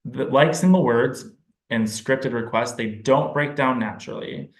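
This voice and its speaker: A man's voice: mid-range voice, measured pace. Man teaching in an echoey room. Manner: relaxed, explanatory, thinks aloud. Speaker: speech-language pathologist presenting to parents. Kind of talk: informal teaching presentation. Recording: roomy echo.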